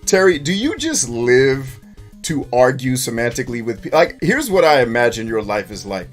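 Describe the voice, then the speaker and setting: A man streams a retro game with faint music behind him, speaking in a mid-range voice at a moderate pace. In casual live-stream chat, he reads viewers' comments, swears freely, and laughs often in an animated way.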